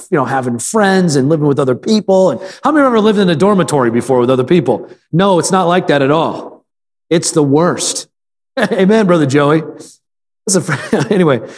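Middle-aged guy preaching, kinda high voice, folksy stories and amens, big church reverb. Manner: folksy storytelling with calls for amen. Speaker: pastor. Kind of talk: sermon.

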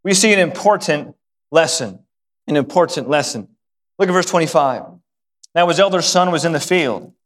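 A male pastor preaching a sermon, telling a story with lively acted voices and repeating words when excited. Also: fairly high pitch, normal speed, pauses often. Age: adult, married. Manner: animated storytelling, acting out voices of the father and son. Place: church sanctuary. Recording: hall reverb.

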